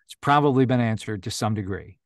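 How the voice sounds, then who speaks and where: A man's voice: fairly low pitch, fairly quick, no room sound, studio quality. A man who narrates audiobooks, chatting casually as a video call guest, with lots of fillers and restarts. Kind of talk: casual interview chat.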